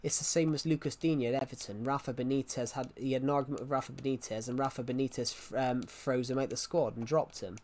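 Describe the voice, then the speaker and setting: Male live streamer, mid-pitched, loose rambling delivery. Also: fairly even intonation, fast, hardly any pauses, darkish tone, slight background noise. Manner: rambling, repeats and restarts phrases. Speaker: game streamer. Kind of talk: casual live-stream chat.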